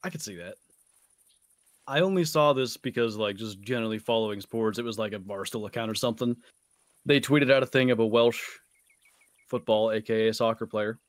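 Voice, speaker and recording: A man's voice: fairly low pitch, fairly quick, no echo. An American man co-streaming a game, chatting and teasing with dry jokes. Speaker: guest streamer. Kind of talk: casual gaming stream chat.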